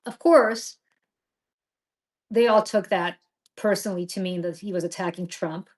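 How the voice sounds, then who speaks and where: A woman's voice: medium pitch, unhurried. A middle-aged woman hosting a political talk show, talking with passion and indignation and often restarting her sentences. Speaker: podcast host.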